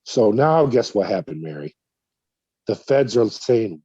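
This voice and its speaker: Middle-aged guy from california telling his story, dark husky voice, acts out what people said, kinda muffled dry audio. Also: fairly low pitch, a little slow, no room sound. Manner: animated retelling with quoted dialogue, repeats words. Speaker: whistleblower guest. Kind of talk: conversational storytelling interview.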